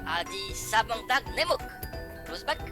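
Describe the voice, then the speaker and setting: A woman's voice: medium pitch, very animated, moderate pace, music in the background, natural voice. A woman voicing a gibberish-babbling cartoon critter. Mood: chattering. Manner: babbles nonsense syllables in a bouncy sing-song.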